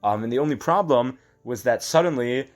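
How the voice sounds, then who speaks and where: A man telling an improvised comic story in a deadpan, halting way, full of fillers and restarts. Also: mid-range voice, faint music behind.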